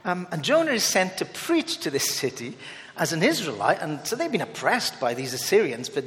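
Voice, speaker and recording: Male preacher, animated, slightly high voice, echoing hall sound. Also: moderate pace. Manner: animated, dramatizing quoted speech. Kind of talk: sermon. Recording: long hall reverb.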